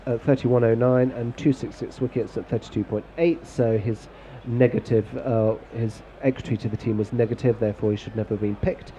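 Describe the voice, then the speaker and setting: A man's voice: mid-range voice, steady tone, brisk, hardly any pauses, mellow, a little hiss or hum. A man co-commentating on cricket in a chatty, rambling way, telling anecdotes and reading out listener tweets.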